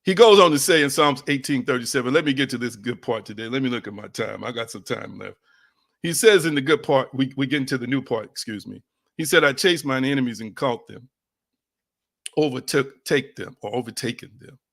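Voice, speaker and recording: A man's voice: medium pitch, expressive, a little fast, vocal fry, fairly bright tone. A man preaching a sermon in a conversational, emphatic way, repeating phrases and calling on his listeners directly. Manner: conversational, addresses audience as y'all.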